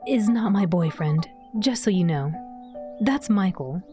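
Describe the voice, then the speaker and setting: Woman doing a deep Southern drawl. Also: lively intonation, measured pace, dark tone, faint music behind, lightly acted. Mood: dry. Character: gloomy horned young man, resigned.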